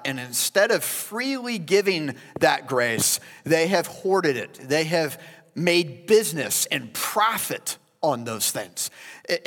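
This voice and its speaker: A man preaching a sermon as pastor, animated and addressing listeners as guys. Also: on the high side. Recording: long hall reverb.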